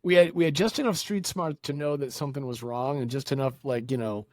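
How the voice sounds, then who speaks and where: A man on a podcast telling a long story in a casual, animated way, acting out the people he quotes. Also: mid-range voice, brisk, dry recording, clean studio sound. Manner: animated, acts out quoted voices. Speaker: podcast guest.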